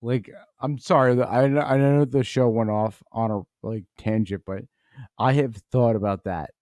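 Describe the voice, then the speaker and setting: A tipsy man hosts a comedy podcast from home, rambling and tripping over his words with plenty of cursing. His voice is mellow and dark, and the recording is close and dry. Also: medium pitch, fairly even intonation, moderate pace, no echo. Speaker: podcast host. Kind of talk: casual comedic commentary.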